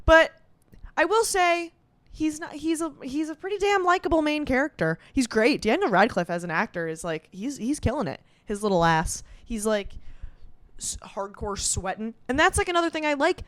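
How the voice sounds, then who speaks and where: A young woman doing stand-up comedy, ranting in an animated, sarcastic way, full of swearing, quick asides and restarts. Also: high voice, no room sound. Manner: sarcastic rants.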